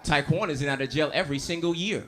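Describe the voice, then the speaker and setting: A man doing a stand-up comedy set, telling loud, animated, profane stories and working the crowd. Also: on the high side, very fast. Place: comedy stage before a live audience. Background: audience laughter.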